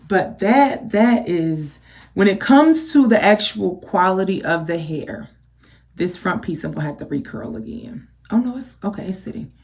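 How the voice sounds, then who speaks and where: A woman chatting casually to camera, animated and exasperated, firing rhetorical questions at her viewers. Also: lowish voice. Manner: addresses viewers as y'all. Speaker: beauty vlogger.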